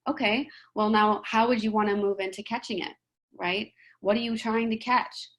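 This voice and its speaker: A woman giving a motivational talk in a gentle, conversational way, often checking in with "right?". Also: medium pitch, fairly even intonation, normal speed. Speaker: presenter.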